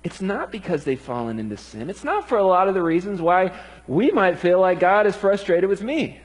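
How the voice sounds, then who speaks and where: Husky-voiced man preaching earnestly. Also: high voice, very animated, moderate pace, low-quality recording. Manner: earnest, emphatic. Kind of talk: sermon.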